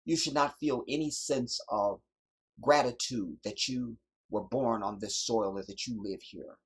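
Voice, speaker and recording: Very husky, slow-preaching man. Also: lowish voice, steady tone. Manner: emphatic, preachy, drops to hushed whispers. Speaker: livestream host. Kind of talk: impassioned preaching monologue.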